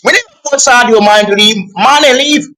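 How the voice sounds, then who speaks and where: A man in a casual football chat, ranting in an animated, exasperated way with non-native grammar. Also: extremely high pitch, moderate pace, rough recording.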